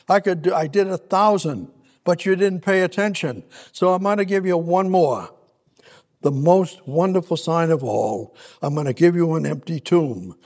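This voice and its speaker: A man delivers a sermon in a loose, conversational way, often restarting his sentences as he reads scripture aloud. His voice is gravelly and husky and sits a little above the usual male pitch. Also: a little mellow. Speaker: preacher.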